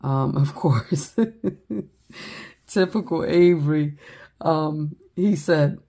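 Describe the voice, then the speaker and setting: Middle-aged craft vlogger, dark gravelly voice, flat rambling chat full of ums. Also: female voice, deep voice, drawn-out words. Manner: chatty storytelling with many ums.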